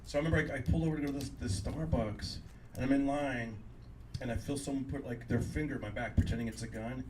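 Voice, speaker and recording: A middle-aged man from Fresno, California, doing live stand-up and telling animated stories in which he acts out voices. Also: mid-range voice, fast, recorded from a distance, noisy background. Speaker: stand-up comedian and guest.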